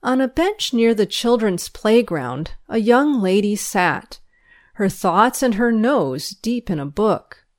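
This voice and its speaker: A woman reads a school paper aloud, its news and its children's stories. Her delivery is unhurried and measured, and her intonation rises and falls in a lively way. Her voice sits at an ordinary middle pitch. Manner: measured, expressive storytelling. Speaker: reader.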